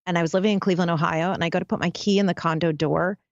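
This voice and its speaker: A woman's voice: lowish voice, fairly even intonation, rapid-fire, no room sound, lo-fi sound. A woman guest telling a dramatic personal story in an interview, speaking intensely and straight to the listeners. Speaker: guest, happiness expert. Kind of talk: candid storytelling interview talk.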